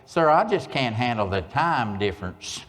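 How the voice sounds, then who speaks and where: A man's voice: mid-range voice, big pitch swings, normal speed, a bit bright. A man voicing a brash, joking Texan man who teases in a folksy way, in an echoey hall. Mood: teasing.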